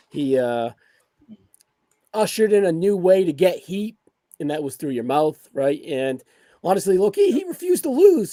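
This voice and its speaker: A man on a podcast in casual chat, going through a list of points in a relaxed way. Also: high-pitched, no room sound. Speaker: podcast co-host.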